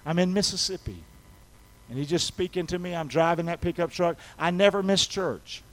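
High-voiced preacher, folksy. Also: male voice, moderate pace, poor audio. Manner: folksy, call-and-response, swings from soft to shouting. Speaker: pastor. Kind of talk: sermon. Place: church sanctuary.

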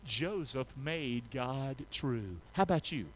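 A male pastor preaching a sermon in a church, drawing call-and-response from the congregation and swinging from soft asides to shouted emphasis. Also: mid-range voice, lively intonation, slow, a little hiss or hum. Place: church sanctuary.

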